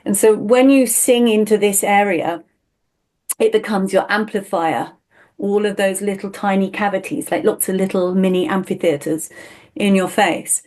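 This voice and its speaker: A woman voice teacher talks a student through a technique in a one-on-one lesson. Her explanations are enthusiastic and full of small laughs. Her voice sits at an ordinary middle pitch for a woman. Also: fairly even intonation, moderate pace, darkish tone.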